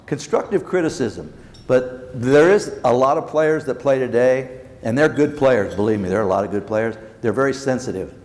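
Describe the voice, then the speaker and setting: At normal speed and in a darkish mid-range voice, an older former baseball manager answers questions at a luncheon with blunt anecdotes, performing the dialogue as he tells them. The setting is a large banquet hall, heard through long reverb and faint background room noise.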